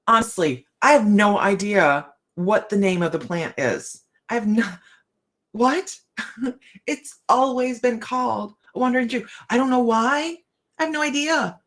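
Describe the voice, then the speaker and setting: A woman's voice: fairly high pitch, expressive, unhurried, a bit bright. A woman hosting a casual morning livestream chat, chatting to viewers, often laughing and restarting her sentences. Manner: frequent restarts and stammers. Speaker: psychic livestream host.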